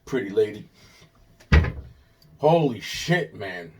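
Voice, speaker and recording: A man's voice: fairly low pitch, very animated, slow pace, background noise. Rambling, profane man venting. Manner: rambling, repetitive and profane, circling back on restarts. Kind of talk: rambling monologue to camera.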